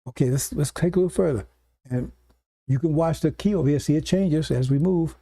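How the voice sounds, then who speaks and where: Dark-voiced man preaching to brothers and sisters. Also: a little high, fairly quick. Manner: explanatory, keeps checking in with "see?" and "right?". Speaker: preacher teaching scripture. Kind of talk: sermon lecture to congregation.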